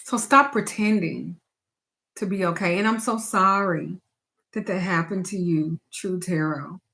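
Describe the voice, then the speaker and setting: A woman's voice: fairly low pitch, unhurried, fairly bright tone. A woman speaking to her audience as a spiritual advisor and tarot reader, frank and emphatic, with blunt swearing. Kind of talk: candid talk to camera.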